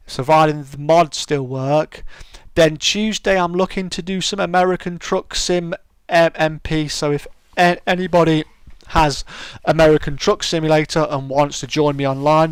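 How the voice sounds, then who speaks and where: A man's voice: a little high, clear, resonant tone, no room sound. A British man hosting a live stream, chatting casually and answering viewers' comments. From United Kingdom.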